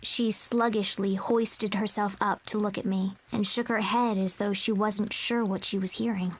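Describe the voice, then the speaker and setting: A woman voicing a lonely young girl who narrates her past in a soft, brooding whispered role-play for a video game. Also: medium pitch, fairly even intonation, normal speed, low-quality recording. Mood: hushed, somber. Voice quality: breathy, often whispered.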